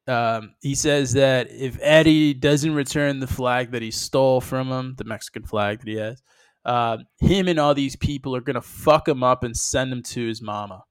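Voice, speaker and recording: Dude on a podcast getting worked up, swearing, very dry mic. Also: male voice, medium pitch, normal speed, smooth, no echo. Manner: casual, emphatic, swears freely. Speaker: podcast co-host. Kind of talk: casual chat recapping wrestling.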